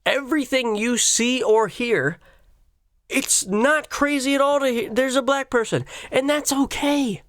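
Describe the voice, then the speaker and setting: Slow, profane male podcast ranter. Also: very high voice, fairly bright tone, no room sound. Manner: profane, sarcastic, ranting. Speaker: podcast host. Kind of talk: solo comedy podcast rant.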